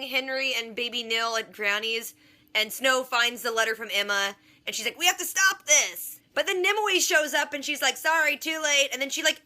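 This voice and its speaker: A woman's voice: fairly high pitch, sharp tone. A woman vlogger recapping a TV episode in a casual, sarcastic, chatty way, full of "like". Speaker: TV reaction vlogger.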